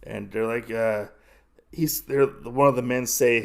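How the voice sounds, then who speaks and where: A man's voice: mid-range voice, steady tone, a little slow, creaky. A young adult man hosting a podcast, casually recapping a comic with lots of fillers. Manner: rambling, many fillers. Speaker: podcast host.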